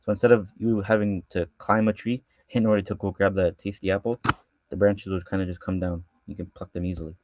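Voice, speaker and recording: Fast-talking man teaching scripture. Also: sits low, level tone, darkish tone, dull audio. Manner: reads Arabic verses, then translates and explains with many restarts; casual and conversational in his explanations. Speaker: religious studies teacher. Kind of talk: verse-by-verse scripture lesson.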